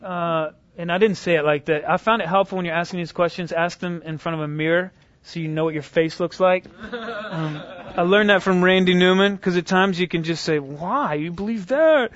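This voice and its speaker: A man teaching a group, retelling conversations in a conversational, animated way with frequent restarts. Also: high voice, brisk. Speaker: speaker teaching evangelism. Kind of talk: storytelling lecture. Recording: dull lo-fi dry recording.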